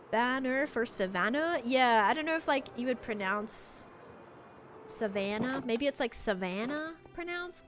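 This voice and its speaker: Brief: upbeat female streamer, higher pitch, lively and swooping, faint music underneath. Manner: chatty and bubbly, thanking viewers, playful about pronunciation. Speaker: live streamer. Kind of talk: casual live-stream chat while playing. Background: faint background music.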